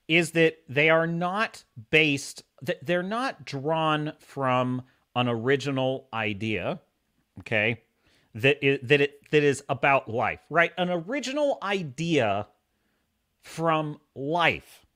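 A man hosting a live-streamed podcast, reading viewer comments in a jokey, animated way and laughing often. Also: fairly high pitch, slow. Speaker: podcast host.

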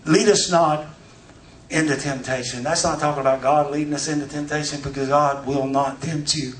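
A man preaching a sermon as pastor, building to shouts as he goes. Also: on the high side, steady tone, normal speed, a little hiss or hum. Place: church. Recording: echoey church from far off.

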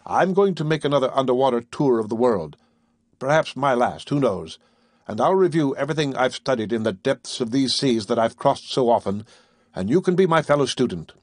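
A secretive submarine captain speaks with cold, measured authority, as a man reads him in an audiobook. The voice is slightly husky and sits at an ordinary male pitch. The sound is dry and close. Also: expressive, dry recording, close to an everyday voice. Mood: stern. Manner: measured, commanding, coldly formal. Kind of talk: audiobook character reading.

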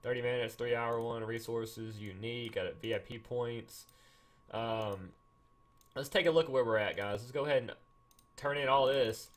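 A man giving casual, excitable gameplay commentary, repeating himself and acting mock-angry. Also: mid-range voice, normal speed. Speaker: gaming YouTuber.

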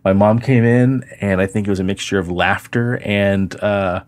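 A man co-hosting a paranormal podcast, telling stories in a profane, animated way. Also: fairly low pitch, moderate pace. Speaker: podcast co-host. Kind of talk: casual chat.

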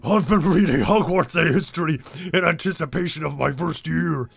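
Game dub: a man putting on a raspy, high-ish know-it-all schoolboy wizard, eager to show off. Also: moderate pace, no room sound. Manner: eager, showing off his reading.

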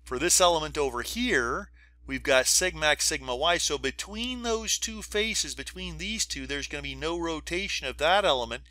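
An engineering professor, middle-aged, gives a recorded lecture in a slightly high, slightly fast, pushed and bright voice with no room sound. He goes through diagrams step by step, adding informal asides and checks like "you see that?".

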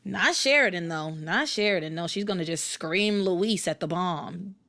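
A woman's voice: on the low side, normal speed, a little hiss or hum. A woman hosting a podcast, recapping and ranting in casual chat with lots of restarts. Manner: animated, exasperated, rambling with restarts. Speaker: podcast host.

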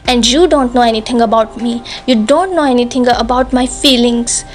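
A woman voicing a pregnant young woman who pleads with her lover, in an earnest, repetitive, even delivery, with music behind. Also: on the high side, normal speed, lightly acted. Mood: pleading. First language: not English.

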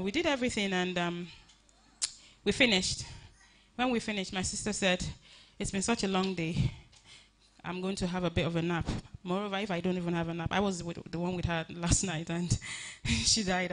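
Earnest woman telling a halting story. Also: fairly low pitch, fairly bright tone. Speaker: daughter giving a funeral tribute. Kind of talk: personal tribute speech. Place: church funeral service.

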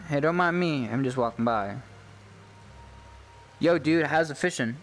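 A young man giving let's-play commentary on a game he has waited for, excitable and cheering on his character. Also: fairly high pitch, unhurried, long pauses, a little hiss or hum. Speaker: YouTube gamer.

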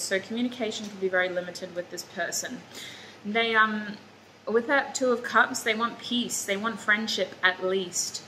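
On a low-quality recording with slight background noise, a woman with a medium-pitched, sharp voice gives her viewers a casual tarot reading. She's chatty and drowsy, calls them "you guys," and says she feels sleepy and foggy-headed.

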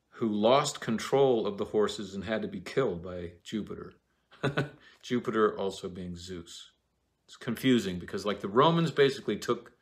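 A man giving a casual Shakespeare lecture, rambling and halting with many fillers and restarts. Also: fairly low pitch, a bit bright.

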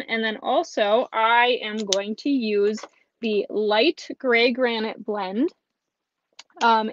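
A woman leads a live card-making tutorial from her home craft space, her voice pitched a little high. She chats easily and stops to greet viewers and answer their comments. The stream audio is dry and a bit dull. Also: dry recording. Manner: chatty, reads viewer comments aloud between steps. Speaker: stamping and card-making host.

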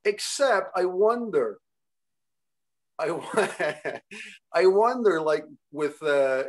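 A man's voice: on the high side, animated, drawn-out words. A man interviewing, talking in long rambling questions full of hesitations and restarts. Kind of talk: casual conversation.

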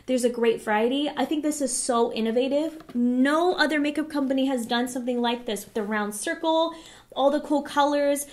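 High voiced woman doing a makeup review, excited and blunt, kinda winded like she's getting sick. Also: normal speed. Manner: chatty and enthusiastic, frank opinions. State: a little winded, coming down with a cold. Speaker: beauty vlogger reviewing palettes. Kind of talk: casual product review.

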